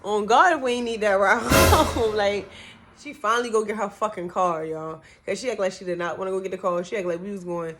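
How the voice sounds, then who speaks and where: A young woman telling a storytime vlog in a casual, animated way, cussing a lot and acting out what people said. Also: mid-range voice, brisk, music in the background. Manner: animated, profane, acts out quotes.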